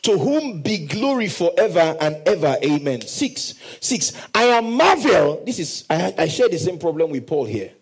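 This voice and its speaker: A man preaching a sermon, reading scripture slowly and emphatically and leading the congregation in call and response. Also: on the high side, very animated, gravelly, slightly rough, rough recording. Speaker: pastor.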